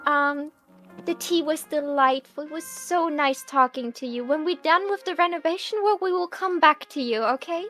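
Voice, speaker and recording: A woman's voice: sits high, moderate pace, a bit bright, faint music behind. A woman voicing a sweetly courteous young noblewoman who hides her annoyance behind politeness. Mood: polite.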